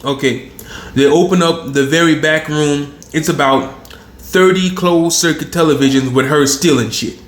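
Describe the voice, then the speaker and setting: Animated, cursing storyteller man in echoey room. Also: on the high side, moderate pace. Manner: animated, profane, rambling storyteller. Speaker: channel host. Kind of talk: casual storytelling monologue. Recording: roomy echo.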